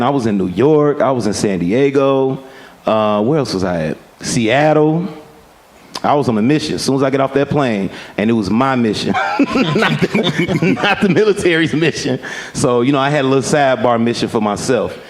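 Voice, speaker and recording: A man hosting a live panel discussion, lively and teasing, often laughing. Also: mid-range voice. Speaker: host. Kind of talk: casual panel talk.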